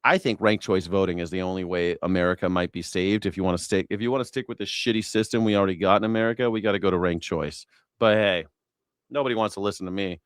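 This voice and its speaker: A man's voice: sits low, fairly even intonation, quick pace, clean tone, no room sound, clean studio sound. Profane sarcastic male commentator. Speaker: host. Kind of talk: news reaction commentary.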